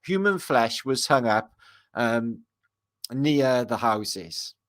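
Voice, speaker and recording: Excitable man with a bright voice. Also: medium pitch, extremely slow. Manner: excitable and rambling, with many fillers and asides to viewers. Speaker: video host reading from an old book. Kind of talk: casual commentary while reading aloud.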